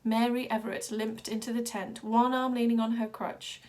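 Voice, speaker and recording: A woman's voice: fairly high pitch, normal speed. Woman reading a story aloud dramatically. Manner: dramatic, steady narration. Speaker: reader.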